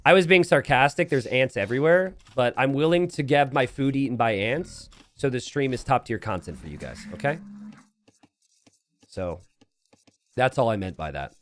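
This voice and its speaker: A man calls a competitive match live from his home streaming setup. His pitch leaps up and down as he talks. He rambles into jokey, self-deprecating asides between calls of the game. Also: lively intonation, moderate pace, slight background noise. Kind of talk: live game commentary mixed with casual chat.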